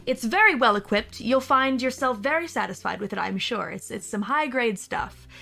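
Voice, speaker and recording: A woman playing a smooth, persuasive proprietor. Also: fairly high pitch, animated, moderate pace, pushed and bright, exaggerated voice. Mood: polite. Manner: polite, persuasive salesperson tone. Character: smooth-talking woman who runs a hidden base.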